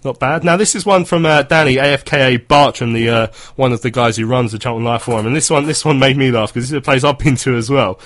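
Fast-talking chatty English man. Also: mid-range voice, steady tone, fairly bright tone. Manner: chatty, laughing often, many restarts. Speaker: football podcast host. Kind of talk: casual chat reading listener messages.

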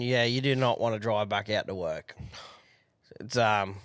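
A man's voice: fairly low pitch, unhurried, dry recording. A man, co-hosting a podcast, chatting casually and agreeing emphatically. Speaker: podcast co-host. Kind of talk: casual chat.

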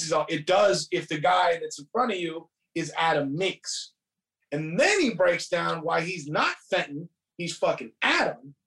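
A man's voice: fairly high pitch, expressive, moderate pace, gravelly, fairly bright tone, distant mic. A man casually retelling a movie plot, profane and rambling, quoting characters as he goes. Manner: profane, rambling storytelling with quoted voices. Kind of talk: casual movie recap chat.

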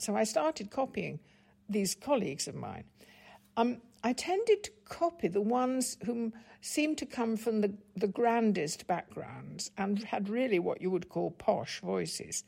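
Gravelly older woman, articulate and measured. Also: medium pitch, big pitch swings, darkish tone. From England, Stockport. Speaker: guest, broadcaster. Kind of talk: reflective interview conversation.

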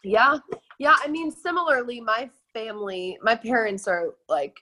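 A woman guest in a casual chat, telling family stories in an animated way and laughing often. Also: a little high, moderate pace, rough recording.

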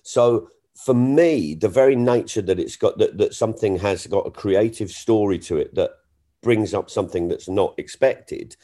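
A man who works as a stand-up comedian, chatting casually and telling jokes in a lively, storytelling way. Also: normal speed. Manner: animated storyteller, jumps in pitch for punchlines. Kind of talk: casual podcast conversation.

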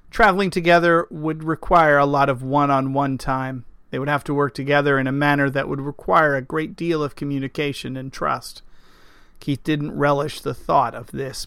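Smooth-voiced male storyteller. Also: fairly high pitch, dry recording. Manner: steady, even-paced reading. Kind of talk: scripted story narration.

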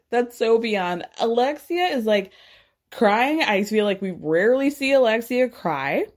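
Woman, young adult, casual recap, lively pitch, higher voice, expressive, dramatic. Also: unhurried. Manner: expressive, dramatic, laughs often, swears. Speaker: reality TV recap host. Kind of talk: animated casual recap, quoting cast members.

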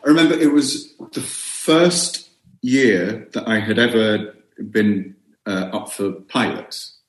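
A man's voice: lowish voice, takes it slowly, echoey room. A man with a British accent, an actor guest chatting casually and self-deprecatingly. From Britain. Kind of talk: casual podcast chat.

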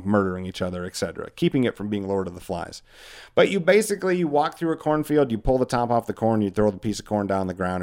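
A man's voice: fairly low pitch, darkish tone. A man in his forties hosting a podcast, talking in a rambling, candid, self-deprecating way with lots of filler words. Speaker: podcast host. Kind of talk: casual monologue.

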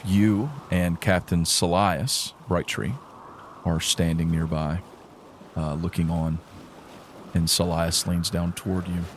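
A man narrating a tabletop game as game master, in slow descriptive narration with fillers. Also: sits low, vocal fry, slight background noise.

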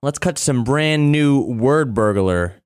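A man's voice: medium pitch, lively intonation, a little slow, darkish tone, clean tone, no room sound, studio quality. A man hosting a casual comics podcast, chatty and geeky, running through news items with easy laughs. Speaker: podcast host. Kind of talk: casual chat.

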